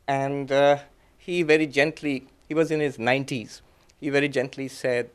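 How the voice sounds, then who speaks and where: A middle-aged man, a monk, giving a talk that mixes teaching with personal stories, in short phrases with frequent pauses and soft chuckles. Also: fairly high pitch. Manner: gentle, reflective, chuckles softly at his own anecdotes. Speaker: monk and guest speaker. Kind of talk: lecture with personal storytelling.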